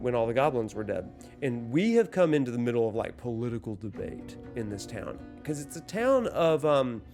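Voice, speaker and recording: Guy rambling through a game recap, lots of ums, jokes at his own expense, quiet music under it. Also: medium pitch. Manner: rambling and self-deprecating, many fillers. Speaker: gaming vlogger. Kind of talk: casual recap vlog.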